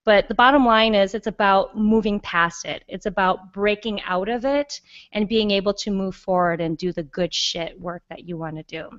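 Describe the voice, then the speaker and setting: An enthusiastic woman hosts a podcast interview. She talks in a casual, encouraging way and tosses in some light swearing. Her voice sits at a middle pitch, and the recording sounds dull and lo-fi. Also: normal speed. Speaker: podcast host.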